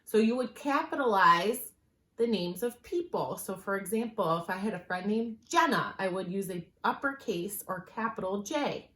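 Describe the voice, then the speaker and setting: A woman teacher giving a writing lesson, explaining clearly and patiently and slowing down to stress her examples. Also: mid-range voice, expressive, fairly bright tone. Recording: echoey room.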